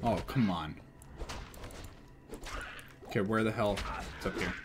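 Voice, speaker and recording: A young man streaming a game live and chatting casually, excitable and swearing freely as he thinks aloud. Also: fairly low pitch, unhurried, over music.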